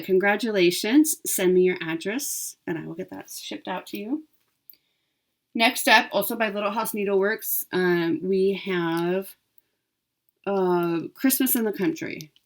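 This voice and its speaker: A woman vlogging about her cross-stitch haul and giveaways in a chatty, upbeat way with frequent ums. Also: medium pitch. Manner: chatty, upbeat, lots of ums and self-corrections. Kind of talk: casual chat to camera.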